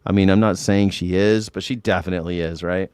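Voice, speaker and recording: A man's voice: sits low, fairly even intonation, a little fast, darkish tone, smooth, no room sound. A man hosting a live news reaction show, talking in a blunt, mocking, casual way and swearing freely.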